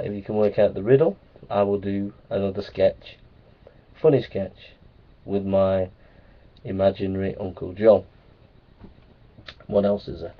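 A man talking casually to his viewers in a rambling, playful way. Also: fairly low pitch. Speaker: vlogger. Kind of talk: casual vlog talk. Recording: tinny phone-like sound.

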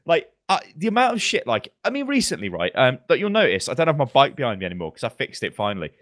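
A man's voice: medium pitch, wildly swooping pitch, fast talker, a bit bright, no room sound, studio quality. A man co-hosting a gaming news podcast, chatting casually with lots of swearing and ranting asides. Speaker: podcast co-host. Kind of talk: casual chat.

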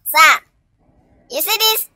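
Woman playing a bratty nigerian schoolgirl, super high squeaky voice, swings all over, kids music under it. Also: lively intonation, slow pace, no echo, heavily acted. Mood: pleading, cheeky. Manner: squeaky, whiny and loud. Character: cheeky, dramatic young schoolgirl. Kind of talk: comedy skit acting.

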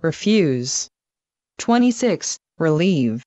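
A woman reading a numbered vocabulary list aloud, saying each number and then each word twice in a measured, even way. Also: low voice, no room sound. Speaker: vocabulary reader. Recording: dull, slightly lo-fi dry recording.

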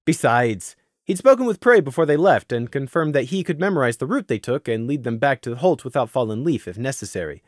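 A man narrating a story in a lively, expressive reading voice. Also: medium pitch, a little fast, few pauses, no echo, studio quality. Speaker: audiobook narrator.

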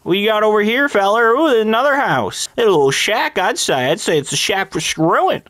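A man's voice: high-pitched, animated, moderate pace, a bit bright, no echo. A man voicing a chatty rural farmer in a put-on accent while playing a video game, talking folksy and calling everyone feller. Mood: rambling. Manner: folksy country talk, calls everyone feller. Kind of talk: let's play commentary in character.

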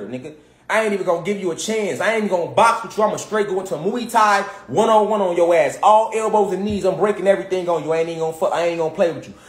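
Fast and high-voiced, this Chicago commentator rants with profanity and passion, repeating his points emphatically in street-style talk. The room lends his voice an echoing, roomy ring.

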